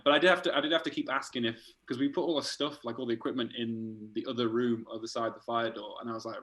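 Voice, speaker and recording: A man, an art director, casually telling animated stories in a podcast chat, laughing and swearing as he goes. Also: medium pitch, fast, hardly any pauses, rough recording.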